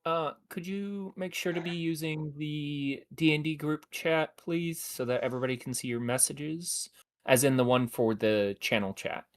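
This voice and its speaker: A man running a tabletop game on a live stream, narrating with many pauses and fillers. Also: fairly high pitch. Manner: hesitant, many fillers, apologetic. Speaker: game master.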